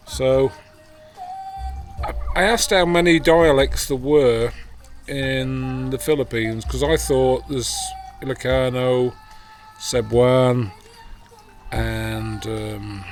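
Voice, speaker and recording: An older man from England, a former soldier, chatting casually and bluntly in a garden, swearing freely. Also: medium pitch. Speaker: vlogger, ex-soldier. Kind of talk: casual chat. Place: garden, outdoors. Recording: faint music in the background.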